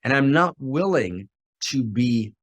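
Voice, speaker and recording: A middle-aged man giving an impassioned spiritual talk. He drops to a hush, then rises to fiery outbursts full of rhetorical questions and repetition. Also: medium pitch, animated, slow pace, dry recording. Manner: swings from hushed to fiery and exclamatory. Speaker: spiritual teacher.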